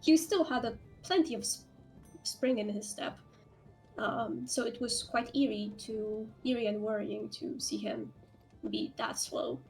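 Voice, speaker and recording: A woman's voice: on the high side, a little slow, gravelly, a little mellow, soft background music, poor audio. A woman acting as game master of a tabletop role-playing game, speaking in a hesitant way with fillers.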